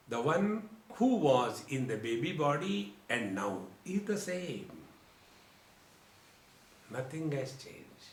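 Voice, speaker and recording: A man giving a slow, deliberate spiritual discourse as a teacher, addressing his listeners as friends. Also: mid-range voice. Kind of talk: religious discourse. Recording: roomy lecture hall.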